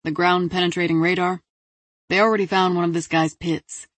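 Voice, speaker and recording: A woman's voice: fairly low pitch, little pitch movement, brisk, no room sound, natural voice. A woman voicing a male detective giving a matter-of-fact case briefing over the phone in an audiobook. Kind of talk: audiobook character voice.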